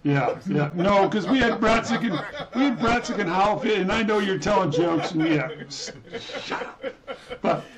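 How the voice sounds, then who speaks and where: A man's voice: high voice, normal speed, a crowd in the background, poor audio. A middle-aged man joins the podcast chat as a former teammate. He mostly answers in short agreeing replies and pokes fun at himself. His voice sits a little above the usual for a man. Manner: short agreeing replies and self-mocking asides. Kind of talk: casual chat.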